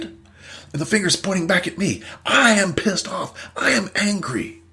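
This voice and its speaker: A male therapist teaches through a story, talking with emphatic energy and acting out bits of voices. His voice sits fairly high with big swoops of pitch. A gravelly fry runs through it. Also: measured pace. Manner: animated, emphatic, acts out voices. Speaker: host, therapist.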